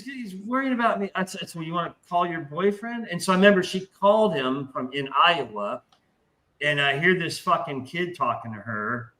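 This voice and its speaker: A man telling a long anecdote in casual podcast talk, profane and animated, acting out the voices in his story. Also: on the high side, rough recording.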